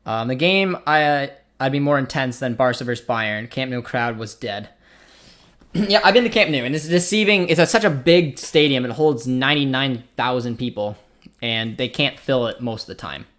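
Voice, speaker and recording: A man's voice: medium pitch, animated, moderate pace, fairly bright tone. A young man from Canada with a Canadian accent, hosting a live football watchalong, chatting casually, reading the chat aloud and reacting to the match. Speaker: watchalong host.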